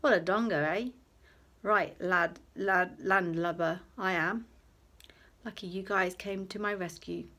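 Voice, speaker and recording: A woman reading aloud and voicing a cheerful, careless young man who talks in a loud, breezy, jovial way. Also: fairly low pitch, fairly even intonation, measured pace.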